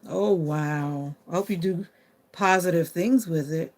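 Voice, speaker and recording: A woman's voice: lowish voice, measured pace. A woman chatting casually on a live stream, answering viewer comments aloud and talking to her phone. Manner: talks to her phone assistant.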